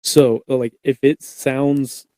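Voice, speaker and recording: A young man hosting a podcast, talking in a relaxed, agreeable way and explaining things with fillers. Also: mid-range voice, slow, no room sound. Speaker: podcast host. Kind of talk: casual chat.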